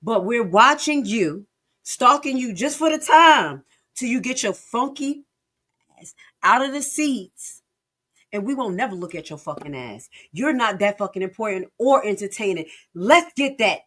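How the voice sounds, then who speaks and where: A woman streamer with reacts in heated, sarcastic bursts. She curses freely and drops from loud outbursts to low mutters. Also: very animated, unhurried. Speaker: live-stream commentator. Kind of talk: profane reaction commentary.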